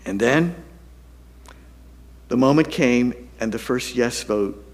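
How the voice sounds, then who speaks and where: This pastor's voice is medium-pitched and slow as he relates a story to his congregation during a sermon. He stays animated and self-mocking, his volume rising loud and dropping to a hush.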